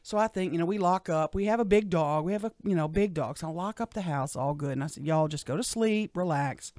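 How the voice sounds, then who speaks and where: Animated middle-aged woman telling a story. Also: fairly low pitch, quick pace, no echo, clean studio sound. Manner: animated storyteller, acts out what others said. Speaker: radio show guest.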